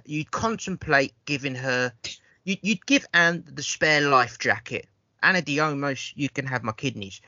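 A man talks through a film in loose, swearing podcast chat, tripping over restarts as he goes. His voice is bright and forceful. The sound is dull and lo-fi, and dry up close. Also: medium pitch, dry recording. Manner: rambling, profane, stammers on restarts. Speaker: podcast host. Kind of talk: casual film review chat.

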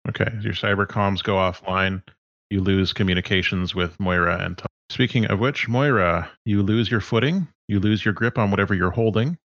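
Lowish-voiced man running a tabletop game. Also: no echo, muffled recording. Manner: explains rules, relaxed and halting. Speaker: game master.

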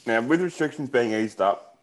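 A man's voice: mid-range voice, lively intonation, brisk, poor audio. A man co-hosting a casual podcast, telling joking stories. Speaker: podcast co-host.

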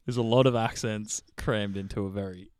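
A man with a smooth, resonant voice that sits fairly low. He co-hosts a casual podcast and keeps tossing in wisecracks and chuckling asides. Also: steady tone, moderate pace, darkish tone. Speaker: podcast co-host. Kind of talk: casual chat.

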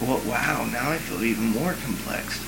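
A man's voice: medium pitch, moderate pace. A man co-hosting a casual podcast, rambling through stories with lots of swearing and the odd cough. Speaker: podcast co-host. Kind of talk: casual chat. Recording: loud background noise.

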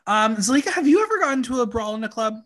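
A man's voice: very high-pitched, big pitch swings, racing, fairly bright tone. A man hosting a casual podcast chat, reading news items and adding his own asides. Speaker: host.

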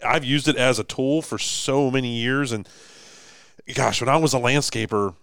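A man's voice: mid-range voice, steady tone, moderate pace, fairly bright tone, clear, resonant tone, no room sound, studio quality. A man co-hosting a casual business podcast, speaking bluntly and earnestly. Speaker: podcast host. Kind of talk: casual chat.

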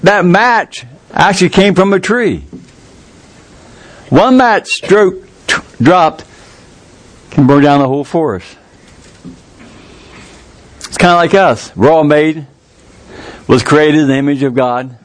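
A man preaching a sermon in a folksy, earnest way, jumping up in pitch to stress a point. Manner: folksy, earnest, with quick rises in pitch for emphasis.

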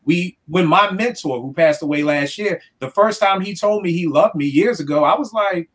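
This man's voice sits high and moves a little fast. He's a youth counselor and music producer from the DC area, telling stories in a casual podcast chat, acting out what people said and swearing freely.

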